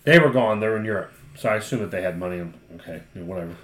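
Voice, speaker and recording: A man's voice: low voice, very fast, reverberant. A man with an Ohio accent, a podcast co-host telling a long story in casual, profane chat and laughing often.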